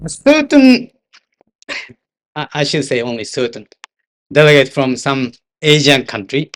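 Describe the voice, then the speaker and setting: He talks a little slowly and pauses often, his medium-pitched voice carrying lively intonation. The older Japanese-accented man is an interpreter giving an anecdote-rich seminar, with occasional Japanese asides.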